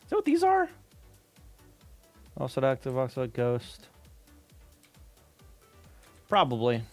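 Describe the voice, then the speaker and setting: A man's voice: mid-range voice, huge pitch swings, takes it slowly, a little mellow, soft background music. A man streaming while he codes, chatting loosely with viewers, full of fillers and casual swearing. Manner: rambling, many fillers, swears casually, reads chat aloud. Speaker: streamer coding a game. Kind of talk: casual live-stream chat while coding.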